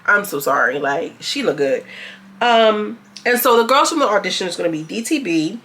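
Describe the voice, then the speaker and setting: A woman's voice: medium pitch, very animated, moderate pace, fairly bright tone. Chatty young woman recapping reality TV. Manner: chatty and candid, acts out cast members' lines, swears freely. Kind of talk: casual recap chat.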